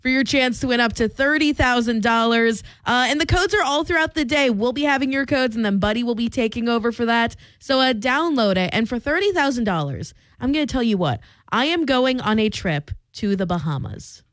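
A woman's voice: a little high, lively intonation, a little fast, few pauses, a bit bright, no room sound. A young woman from the co-hosting a morning radio show, playful and jokey, on a close studio mic. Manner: playful, jokey, drifts into put-on voices. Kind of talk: casual radio banter.

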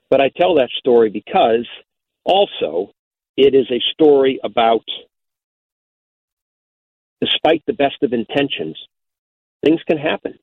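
A man's voice: mid-range voice, slightly rough, no room sound. An older man, a radio outdoors host, telling a hunting story in a folksy way, often repeating words as he searches for them. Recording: tinny phone-like dry sound.

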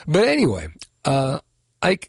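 A man's voice: a little high, measured pace, creaky, breathy edge, no room sound, studio quality. A middle-aged man hosting a radio talk show, joking and rambling about food. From Italian-American. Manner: animated, jokey, rambling. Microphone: studio microphone.

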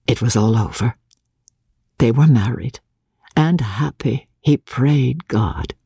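An audiobook reader narrating a classic novel in a theatrical, varied way with soft chuckles, close to the mic. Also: mid-range voice, breathy edge, dry recording.

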